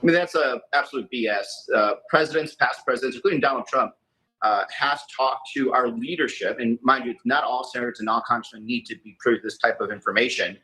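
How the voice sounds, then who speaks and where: A man's voice: mid-range voice, brisk, sharp tone, poor audio. A man, a legislator, firmly arguing his point in answer to a press question. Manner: firm, argumentative.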